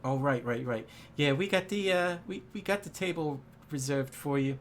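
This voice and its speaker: Man playing a chummy female cat waitress, raised pitch, chatty and familiar. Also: normal speed, slight background noise, close to an everyday voice. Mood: friendly.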